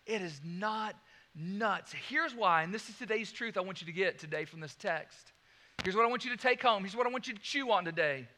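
A male pastor delivers a lively, story-driven sermon. His voice sits very high and sounds sharp and bright. He swings between loud bursts and quiet, dropped-down lines. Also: fast talker, a little hiss or hum. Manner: animated, storytelling with laughs and asides.

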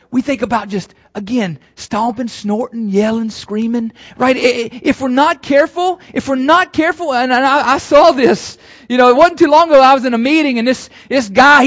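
A man pastor preaching a sermon at a church service. He is emphatic and swings between fervent peaks and low, earnest passages, often checking in with the congregation. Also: moderate pace, a bit bright. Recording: slightly dull lo-fi sermon recording.

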